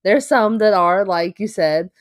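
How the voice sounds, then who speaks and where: A woman co-hosting a casual podcast, relaxed and agreeable, talking with plenty of fillers. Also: mid-range voice, a little slow, dry recording, clean studio sound. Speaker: podcast co-host, teacher.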